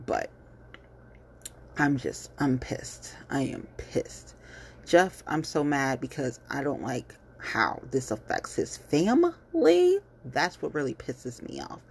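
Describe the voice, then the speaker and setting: A woman's voice: very deep voice, expressive, slow, vocal fry, husky. A woman ranting bluntly and heatedly in casual commentary, cursing freely and repeating herself with lots of fillers. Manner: fillers and repetitions. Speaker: vlogger.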